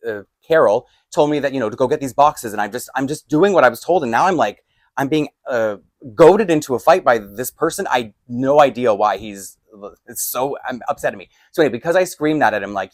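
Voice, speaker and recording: A man telling a storytime vlog, acting out both sides of a heated argument and getting loud. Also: medium pitch, dry recording, clean studio sound. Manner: lots of fillers and restarts, laughs between lines. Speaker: doll collector vlogger. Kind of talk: storytime vlog, animated retelling. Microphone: desk microphone.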